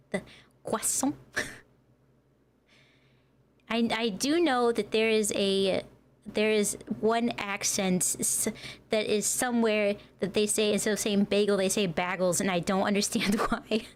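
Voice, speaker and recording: An American woman who streams as a VTuber chats casually with her viewers, laughing often. Her medium-pitched voice has fairly even intonation and normal speed, with a little hiss or hum in the background.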